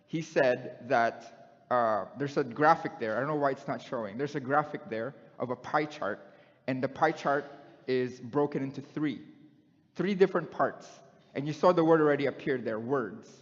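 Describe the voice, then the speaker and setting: A man's voice: mid-range voice, normal speed. A middle-aged male preacher giving a conversational sermon and putting questions to the congregation. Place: church hall. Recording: dull sound in a long-echoing hall.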